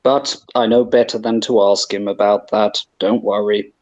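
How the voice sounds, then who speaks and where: A man playing his character in a tabletop game, talking in an eager, halting way with fillers. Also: on the low side, steady tone, a little mellow. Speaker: tabletop player. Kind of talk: in-character role-play chat.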